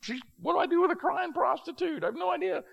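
Guy doing a panicky diner owner, high loud voice, flustered. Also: huge pitch swings, a little fast, gravelly, slightly rough, lo-fi sound, heavily acted. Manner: flustered, exclaiming. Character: flustered male diner owner, middle-aged.

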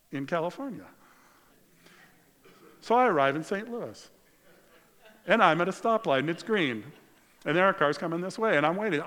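Male pastor, conversational storyteller, slightly high voice, long church reverb. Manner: conversational, storytelling, swings from loud to very quiet. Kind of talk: sermon.

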